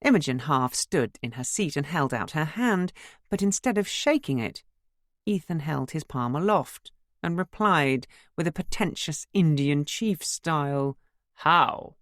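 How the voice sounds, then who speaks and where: Low-voiced woman narrating an audiobook. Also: no room sound, clean studio sound. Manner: expressive first-person storytelling. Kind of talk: scripted narration.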